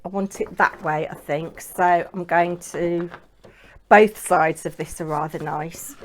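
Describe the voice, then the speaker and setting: This papercraft channel host has a fairly low voice. Rambling and conversational, she walks viewers through what she's making and keeps adding tag questions, like a chatty crafting vlog.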